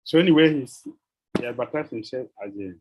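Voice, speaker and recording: A man giving a devotional lecture, telling sacred stories with rhetorical questions and an animated, questioning manner. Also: medium pitch, fairly quick, dull audio, noisy background. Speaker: spiritual teacher.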